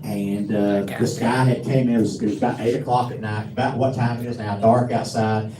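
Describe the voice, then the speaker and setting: A man's voice: fairly low pitch, level tone, a little fast, dark tone, a little hiss or hum. Folksy Southern man telling stories on stage. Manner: folksy, drawling storyteller. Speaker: stand-up comedian. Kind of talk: live stand-up storytelling. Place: live comedy venue. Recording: roomy live room from a distance, faint ambience.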